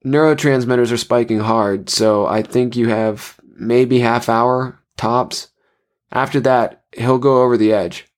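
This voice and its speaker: A man voicing a brisk male radio operator who speaks in crisp radio procedure. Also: medium pitch, fairly even intonation, close to an everyday voice. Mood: serious.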